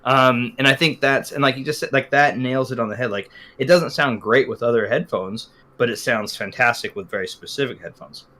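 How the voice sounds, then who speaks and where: A man's voice: mid-range voice, brisk, hardly any pauses, pushed and bright. A man in casual chat who agrees a lot and jokes about himself. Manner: agreeable, lots of backchannel, self-deprecating. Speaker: podcast co-host.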